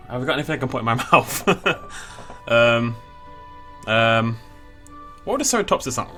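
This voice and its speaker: A man's voice: medium pitch, very animated, moderate pace, sharp tone, faint music behind. Playful man voicing a game. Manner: playful, self-mocking, jumps between silly character voices. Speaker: gameplay commentator voicing characters. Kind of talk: comic game playthrough with improvised voices.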